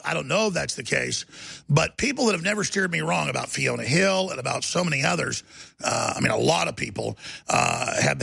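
A man's voice: a little high, gravelly, pushed and bright, slightly rough. A man hosting a talk radio show, delivering an emphatic, rambling monologue full of restarts.

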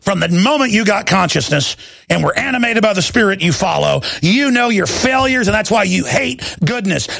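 A man's voice: high-pitched, expressive, moderate pace, vocal fry, sharp tone, dry recording. A man hosting a talk show, ranting furiously and hurling insults. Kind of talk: angry talk show rant.

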